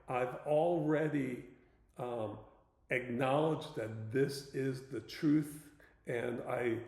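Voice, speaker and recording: A man in a roomy, echoing space gives a relaxed Bible lesson. He talks slowly and plainly, stopping now and then with an "um" to gather his thoughts. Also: mid-range voice, vocal fry. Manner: slow, plain-spoken, pausing with fillers. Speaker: Bible teacher. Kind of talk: informal Bible teaching talk.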